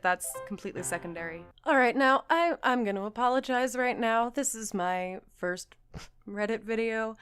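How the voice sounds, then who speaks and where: Sarcastic woman with a smooth voice. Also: a little high. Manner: sarcastic, animated, laughs often. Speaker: host reading and reacting to posts. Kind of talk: casual commentary.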